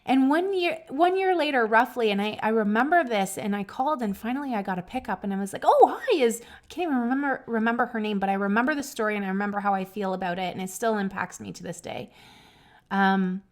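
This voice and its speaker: A woman's voice: medium pitch, fast. A woman hosting a podcast, telling a personal story in an earnest, emotional way, with many restarts and asides to her listeners. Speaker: podcast host.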